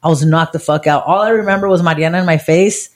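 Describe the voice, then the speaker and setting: A woman from Southern California, co-hosting a podcast and telling a wild story in a casual, profane, animated way. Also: deep voice, fast. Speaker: podcast co-host.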